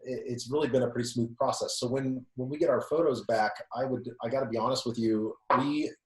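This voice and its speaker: A man's voice: mid-range voice, fairly even intonation, a little fast. Chatty photographer man on a video call. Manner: chatty and self-deprecating, often laughing. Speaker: photographer guest. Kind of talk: webinar round-table discussion. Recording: echoey room.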